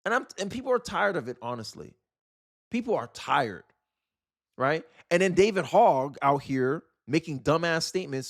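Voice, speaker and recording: Casting: young male commentator, exasperated and rambling, slightly high voice. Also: very animated, moderate pace. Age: young adult. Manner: exasperated, rambling, frequent restarts. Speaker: commentary channel host. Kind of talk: casual political commentary.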